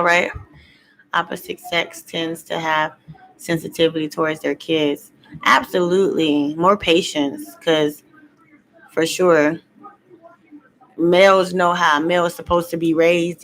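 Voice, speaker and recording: Loud, laughing woman tarot reader. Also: on the low side, low-quality recording. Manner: loud, laughing, acts out voices with slang. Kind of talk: casual livestream chat. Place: at home, cooking.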